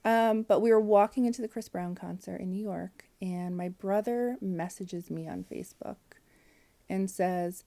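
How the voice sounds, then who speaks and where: A woman's voice: mid-range voice, a little slow, mellow. A woman in her forties candidly telling an emotional personal story as a podcast guest, with fillers and quoted dialogue.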